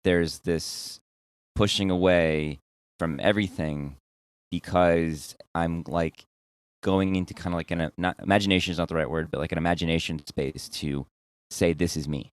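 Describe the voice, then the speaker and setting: Low, smooth-voiced man rambling. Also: steady tone, normal speed, no room sound, clean studio sound. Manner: rambling, searching for words with many fillers. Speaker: podcast co-host. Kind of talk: casual podcast discussion.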